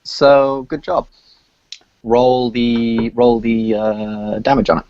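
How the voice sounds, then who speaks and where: A man serving as dungeon master, narrating the action in a halting way with many filler sounds. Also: mid-range voice, little pitch movement, darkish tone. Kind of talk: narrating a tabletop game. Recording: dull lo-fi audio.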